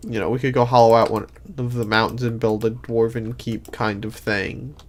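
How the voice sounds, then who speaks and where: A man's voice: medium pitch, little pitch movement, moderate pace. A sleepy man streaming a game in casual commentary, rambling and thinking aloud with many restarts. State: sleepy, yawning.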